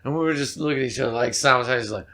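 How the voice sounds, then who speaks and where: A man's voice: mid-range voice, racing, fairly bright tone. A man, a musician guest telling rambling stories in a casual interview, full of swearing and fillers.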